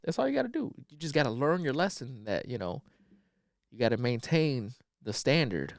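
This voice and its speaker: A man's voice: medium pitch, sing-song, moderate pace, a little hiss or hum. A man doing a cold, controlling husband. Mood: coldly demanding. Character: controlling smooth-talking husband, adult man.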